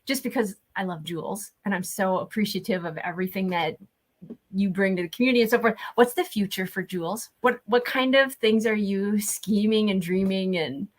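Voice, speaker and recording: Woman podcast host, upbeat interviewer, warmly appreciative questions. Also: mid-range voice, normal speed. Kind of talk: casual interview chat.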